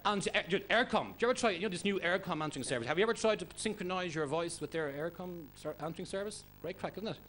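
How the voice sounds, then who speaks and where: A man doing stand-up comedy, loud and energetic, swearing and mimicking for the crowd. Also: high voice, quick pace, hardly any pauses. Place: comedy club stage before audience. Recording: noisy live club recording.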